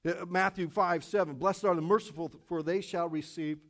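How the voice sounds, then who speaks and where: A man preaching a sermon, telling a personal story with many fillers and animated storytelling. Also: high-pitched, normal speed. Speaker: pastor. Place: church auditorium.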